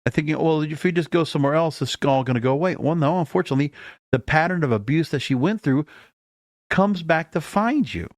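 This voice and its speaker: High-pitched man hosting, dry close sound. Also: animated, fairly quick, no echo. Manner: reflective, circles back to repeated points. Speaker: podcast host. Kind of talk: commentary on an interview clip.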